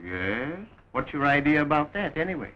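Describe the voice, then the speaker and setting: An actor playing a steady police captain, brief and measured, with a dull 1920s film sound. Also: male voice, a little high.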